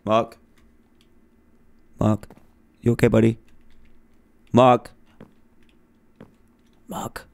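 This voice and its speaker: A man commenting nervously as he plays a horror game, pleading and reacting loudly to scares. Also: mid-range voice, little pitch movement, very slow, gravelly, pauses often. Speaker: gamer.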